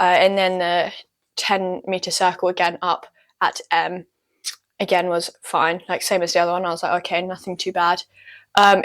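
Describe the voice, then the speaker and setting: A young woman casually recounting her first dressage test, chatty and self-deprecating, with many ums and likes. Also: on the low side. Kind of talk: casual storytelling vlog.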